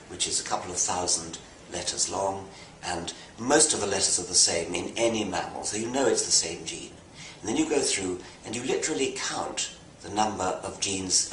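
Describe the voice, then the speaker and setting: A British man explaining a science topic in an unscripted talk, with some halting restarts between fluent stretches. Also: low-pitched, fairly bright tone, echoey room, slight background noise, rough recording. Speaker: guest answering questions.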